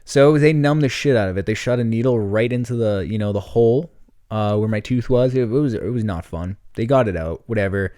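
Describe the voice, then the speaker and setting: A man's voice: on the low side, a little fast, dark tone, no room sound, clean studio sound. A young man hosting a solo comedy podcast, telling a rambling story with lots of fillers and laughter. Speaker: podcast host.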